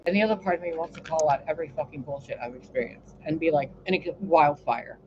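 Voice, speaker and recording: A woman talking in a casual, rambling monologue on her channel, cursing often and swinging between loud outbursts and quiet asides. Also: sits low, quick pace, muffled recording, noisy background. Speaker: spiritual reader and channel host.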